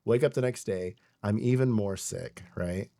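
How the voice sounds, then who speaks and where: A man's voice: fairly low pitch, moderate pace, creaky, dark tone. A young man co-hosts a podcast in loose, casual chat. He rambles through his story with plenty of fillers and frequent swearing. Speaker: podcast co-host.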